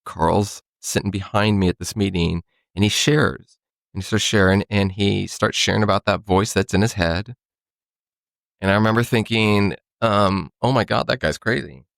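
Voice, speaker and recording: A man sharing his recovery story on a podcast, halting and full of restarts and "you know". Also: lowish voice, steady tone, creaky, fairly bright tone, dry recording. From California. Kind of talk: casual storytelling.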